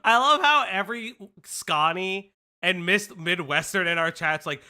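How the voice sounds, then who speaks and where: A man hosting a live stream, chatting casually and teasing with quick questions and frequent laughter. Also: high-pitched, pushed and bright, clean tone. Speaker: stream host.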